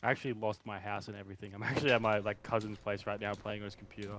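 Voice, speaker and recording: A man's voice: lowish voice, flat delivery, racing, fairly bright tone, soft background music. A man joking and teasing strangers in game voice chat. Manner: teasing, provocative, laughing. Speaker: gamer in voice chat.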